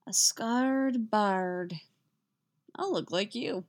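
A woman voicing a dramatic, excitable young male bard, with shrill, squeaky outbursts, in a fan fiction reading. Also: moderate pace, full character voice. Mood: dreamy. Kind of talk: fan fiction read aloud.

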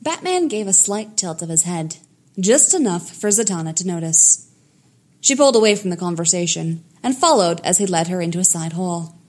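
Lively woman narrating a story. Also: on the low side, moderate pace. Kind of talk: narrating fan fiction.

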